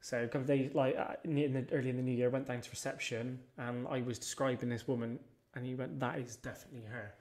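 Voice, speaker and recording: A man's voice: medium pitch, quick pace, few pauses. Blunt, swearing man telling stories. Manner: blunt, swears freely, animated retelling. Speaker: podcast guest. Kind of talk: casual storytelling chat.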